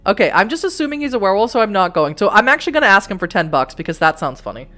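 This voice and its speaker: A woman's voice: medium pitch, big pitch swings, very fast, a bit bright, soft background music. A young woman hosting a let's play, reading a story game aloud with giggly, self-mocking asides.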